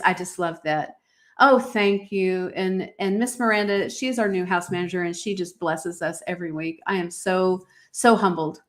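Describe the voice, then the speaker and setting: A woman hosting a motivational podcast, reading from her own journal with emphatic, preacher-like exhortations and frequent fillers. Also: mid-range voice. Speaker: podcast host.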